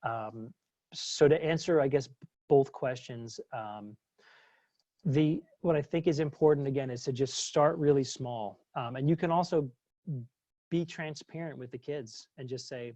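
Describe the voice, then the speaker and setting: A man's voice: mid-range voice, measured pace, dark tone, no room sound. A man, a former psychologist, presenting a webinar and answering questions in a chatty way, full of fillers and restarts.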